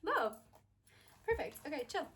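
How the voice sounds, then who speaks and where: A woman's voice: high voice, very animated, unhurried. Young Northern Irish woman, chatty book vlogger, swears freely; echoey room, background noise. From Northern Ireland. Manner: chatty and giggly, swears freely, talks in bursts. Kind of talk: casual chat to camera. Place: bathroom at night.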